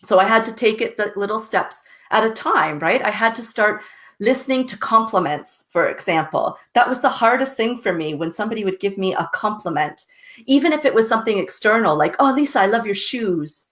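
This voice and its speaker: A woman's voice: medium pitch, expressive, a little fast, fairly bright tone. Earnest woman guest, chatty tag questions. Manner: earnest, tags sentences with "right?" and laughs lightly. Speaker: guest, success coach. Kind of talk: casual interview storytelling.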